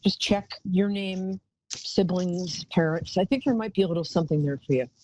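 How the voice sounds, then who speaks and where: A woman's voice: fairly low pitch, moderate pace, mellow, low-quality recording. A woman hosting a live call-in psychic show, talking in a chatty, rambling way and calling callers darling.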